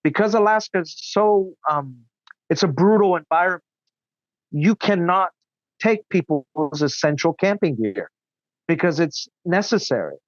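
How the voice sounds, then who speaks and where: A man's voice: on the high side, lively intonation, no room sound, muffled recording. A man as a podcast guest, recounting his story in an earnest, indignant way. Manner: earnest, indignant, quick asides. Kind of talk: casual interview storytelling.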